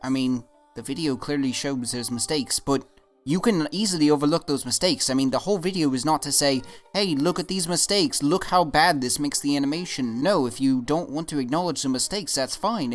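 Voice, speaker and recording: A YouTube commentator answering comments in a vlog, defensive and exasperated, rambling with frequent restarts. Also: medium pitch.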